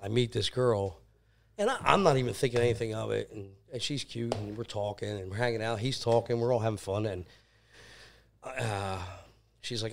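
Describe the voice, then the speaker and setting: His voice is mid-range and gravelly, at a moderate pace. Appearing as a podcast guest, he casually relates crude personal stories, laughing often, swearing freely, and telling them with plenty of animation.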